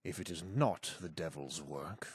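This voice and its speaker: A man voicing a pompous professor, husky. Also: measured pace, dry recording, clean studio sound. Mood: indignant. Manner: indignant and formal, lively pitch swings. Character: pompous male professor, just woken after centuries. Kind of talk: video game dialogue.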